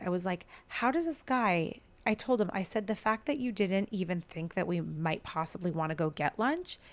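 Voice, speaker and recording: A woman in her thirties hosting a podcast, telling a family story in a chatty, exasperated way, full of "like.". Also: lowish voice. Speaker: podcast host. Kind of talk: casual storytelling.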